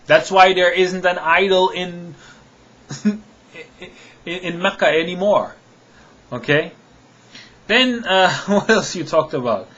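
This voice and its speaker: A man's voice: high voice, fairly bright tone, lo-fi sound. A man giving a heated rebuttal to a critic, firing off rhetorical questions with scoffing chuckles and repeating himself when worked up. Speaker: religious apologist answering a critic. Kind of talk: direct-to-camera rebuttal monologue.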